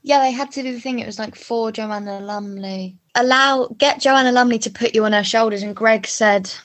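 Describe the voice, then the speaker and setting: A young woman co-hosting a podcast, playful and quick to laugh and riff on jokes. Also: a little high, a bit bright. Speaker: podcast co-host. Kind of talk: casual chat.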